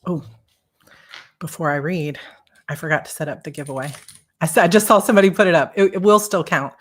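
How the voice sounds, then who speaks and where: Low-voiced and full of bubbly excitement, a woman writer chats with her audience, restarting her thoughts rapidly, and later reads from her own novel live.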